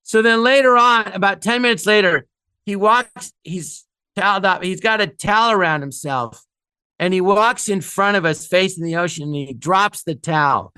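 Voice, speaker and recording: A man's voice: high-pitched, normal speed, sharp tone, clear, resonant tone, no echo, clean studio sound. A man telling rambling, funny anecdotes as a guest, often laughing at his own stories. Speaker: guest storyteller.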